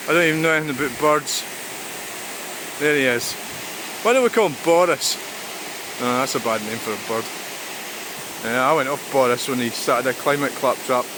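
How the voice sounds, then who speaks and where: A Scottish man rambles to his camera while walking outdoors, his voice slightly high for a man. He talks casually and swears now and then. A clear, rushing stream runs under everything he says. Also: noisy background. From Scotland. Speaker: vlogger. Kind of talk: casual walking vlog talk. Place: outdoors by a river and waterfall.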